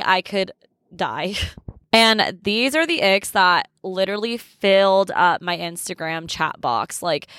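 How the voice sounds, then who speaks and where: A woman's voice: medium pitch, fairly bright tone, no echo, clean studio sound. A young woman hosting a podcast in a candid, casual chat, laughing often and swearing freely. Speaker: podcast host.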